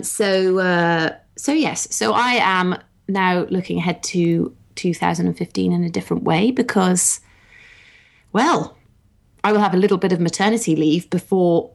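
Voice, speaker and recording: A woman in her thirties with a slightly low voice, co-hosting a podcast in casual, animated chat. She talks easily, laughs often and lets her voice jump up when she gets excited. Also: vocal fry. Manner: chatty, giggly, animated. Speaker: podcast co-host.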